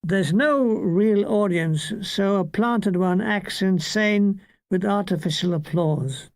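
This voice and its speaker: An older woman reading a comic memoir in a slow, unhurried way, with a deadpan delivery that lets the jokes land on their own. Her voice is dry and close to the mic, with no room around it. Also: medium pitch, dry recording. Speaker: reader.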